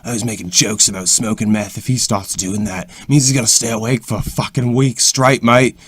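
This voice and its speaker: A man with a husky voice playing a quick-tempered, foul-mouthed crewmate in an amateur audio drama. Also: lowish voice, steady tone, dry recording. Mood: agitated. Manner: swears constantly, quick-tempered.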